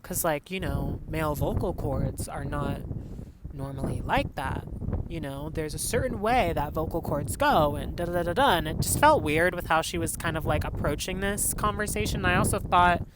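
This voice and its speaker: A man's voice: on the high side, moderate pace, background noise. A young man from Los Angeles telling a personal story on his podcast, casual and full of "like" and "you know". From Los Angeles, California. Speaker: podcast host.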